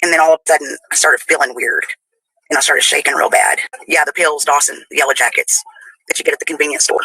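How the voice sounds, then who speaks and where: A woman with a husky voice tells a rambling personal story in a played clip, laughing as she goes. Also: sits low, fairly even intonation, fast, bright, forceful tone, no room sound, rough recording.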